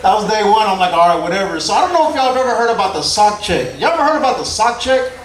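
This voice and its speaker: High-voiced young comedian from Houston. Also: male voice, sing-song, fast talker, recorded from a distance. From Houston, Texas. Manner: loose, conversational, laughing at his own punchlines. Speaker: stand-up comedian. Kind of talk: stand-up comedy set. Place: comedy club stage before a live crowd. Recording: roomy club recording with crowd noise.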